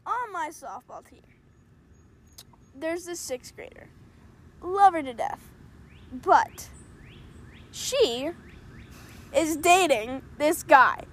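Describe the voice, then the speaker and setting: A young teenage girl telling stories in casual chat, excitable and dramatic, acting out what people said. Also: sits high, extremely slow, pauses often. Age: young teen. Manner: excitable storyteller, dramatic quoting. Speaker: podcast co-host.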